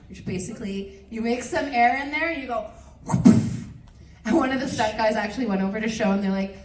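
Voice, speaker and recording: A woman filmmaker on a convention panel, telling lively stories, laughing often and swearing freely. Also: on the high side, fast talker, a little hiss or hum. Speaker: film director on a convention panel. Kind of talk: storytelling panel Q&A. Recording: echoey hall from far off.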